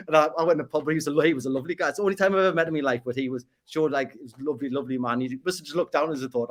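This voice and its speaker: A man's voice: medium pitch, very fast. A man with a Geordie accent, a podcast guest telling stories in casual conversation, repeating and restarting words as he goes. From Northeast England. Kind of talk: casual interview storytelling.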